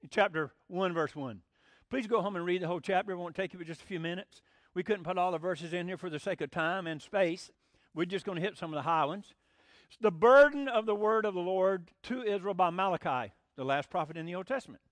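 Emphatic high-voiced preacher. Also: male voice, fairly quick, dry recording. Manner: folksy, emphatic, acts out quoted voices. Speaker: pastor. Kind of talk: sermon.

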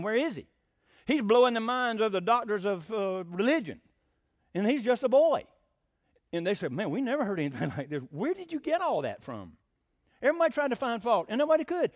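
A man's voice: extremely high pitch, dry recording. A man preaching a sermon as pastor, folksy and full of rhetorical questions.

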